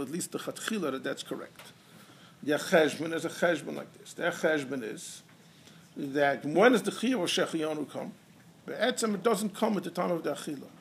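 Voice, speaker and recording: A man giving a Torah lecture in English, animated, peppered with Hebrew and Yiddish terms and telling stories with quoted dialogue. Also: fairly high pitch, creaky, a little hiss or hum. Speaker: rabbi teaching halacha.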